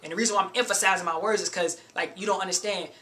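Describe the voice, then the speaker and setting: A fitness vlogger tells a gym story straight to camera in a loose, chatty way, constantly saying "you know" and "man," and warns beginners to use a spotter. His high-sitting voice is sharp and steady, delivered rapid-fire.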